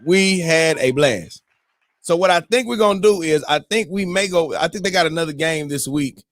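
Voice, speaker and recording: A man hosting a morning show, telling a story in a loose, animated way, whooping and mimicking crowd voices. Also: on the high side, normal speed, dry recording. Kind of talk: casual storytelling.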